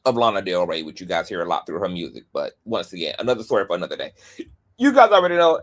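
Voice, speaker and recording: Chatty, animated male livestream host. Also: deep voice. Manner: chatty, animated, with playful asides and rapid plugs. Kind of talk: casual livestream commentary.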